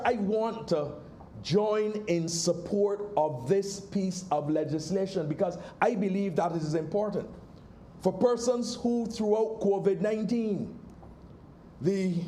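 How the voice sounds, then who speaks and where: A man with a Barbadian accent, a senator giving a measured parliamentary speech in the senate chamber that builds to emphatic points. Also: sits high, dark tone, a little hiss or hum.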